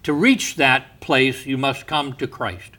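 A man preaching a sermon in a slow, deliberate way, going soft and quiet on quoted words. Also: mid-range voice.

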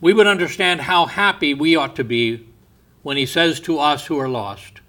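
A man preaching a sermon in a slow, deliberate way, going soft and quiet on quoted words. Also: a little high.

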